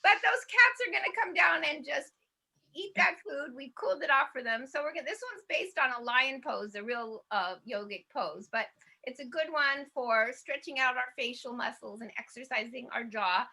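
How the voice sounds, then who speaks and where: High, bright, gravelly-edged woman instructor. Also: lively intonation, normal speed. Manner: bubbly, cheerful, chanting and breaking into laughter. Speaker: laughter yoga instructor. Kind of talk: guided group exercise class.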